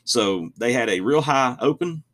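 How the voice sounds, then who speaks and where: A man's voice: medium pitch, expressive, moderate pace, a bit bright. A man co-hosting a casual wrestling podcast, rambling and opinionated, often restarting his sentences. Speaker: podcast co-host.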